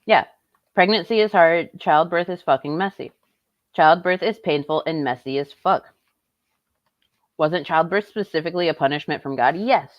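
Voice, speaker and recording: A woman's voice: low-pitched, normal speed, no echo, dull audio. A young woman streaming live, reacting in a blunt, profane and sarcastic way. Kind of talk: casual live-stream commentary.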